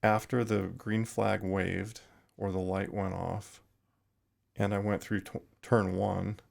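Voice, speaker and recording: A middle-aged man with a low, heavily gravelly voice speaks in a level, even tone. He talks reflectively as a podcast guest, often pausing and restarting his sentences. His pitch stays low and changes little. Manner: thoughtful, halting with frequent restarts. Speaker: retired firefighter guest.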